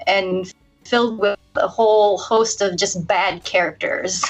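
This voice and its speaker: A woman's voice: mid-range voice, steady tone, unhurried, soft background music, low-quality recording. A woman who is a guest reviewer in a casual film review chat, speaking fluently and analytically.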